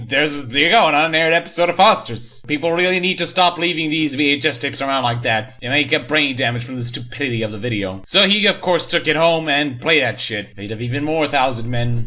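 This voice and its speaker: A man's voice: fairly high pitch, bright, forceful tone. A man reading and mocking a horror story in a sarcastic, profane comedic rant. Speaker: creepypasta reviewer. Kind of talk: comedic creepypasta reading and review.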